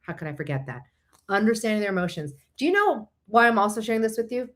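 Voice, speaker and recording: A woman's voice: medium pitch, fast. Chatty woman counselor hosting a live talk. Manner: animated, chatty, explaining with asides. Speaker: host, licensed counselor.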